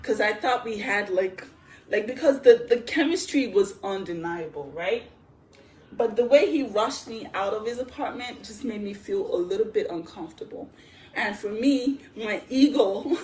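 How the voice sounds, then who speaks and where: A woman casually telling a story on a phone livestream, chatty and animated, laughing often. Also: on the high side. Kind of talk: casual live story time.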